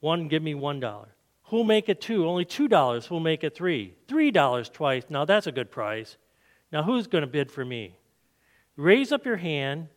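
A man voicing an old-time auctioneer who calls out bids in a brisk, sing-song way, recorded with a long church-hall reverb. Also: on the high side, animated. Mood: calling bids.

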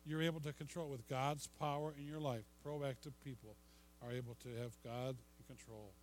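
An older man preaching a sermon, asking rhetorical questions, repeating words and dropping to a soft hush on key phrases. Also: mid-range voice, steady tone, a little fast, poor audio. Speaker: pastor. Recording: faint mains hum.

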